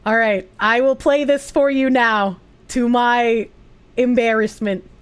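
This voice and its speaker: A young woman livestreaming casually, giggly and loud, swearing freely as she reads chat aloud. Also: fairly high pitch, fairly even intonation, slow, clean tone. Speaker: streamer.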